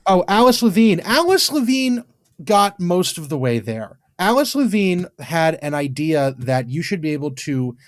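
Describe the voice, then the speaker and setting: A man with an English accent, co-hosting a podcast in casual chat, blunt and quick to dismiss, swearing freely. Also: high voice, big pitch swings, dry recording. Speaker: podcast co-host.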